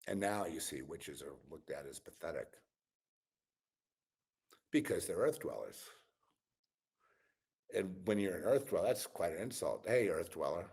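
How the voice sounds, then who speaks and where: Deep, husky-voiced male host, tired and exasperated, rambles in a meandering monologue and mutters asides. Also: sing-song, measured pace, long pauses, a little mellow. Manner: meandering, musing, drops into low mutters and whispers; weary, exasperated. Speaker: channel host. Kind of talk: rambling spiritual and political monologue.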